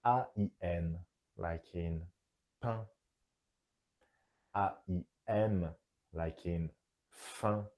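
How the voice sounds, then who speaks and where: A man's voice: sits low, mellow. A man with a French accent teaching French nasal vowels, demonstrating each sound carefully. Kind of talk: scripted pronunciation lesson.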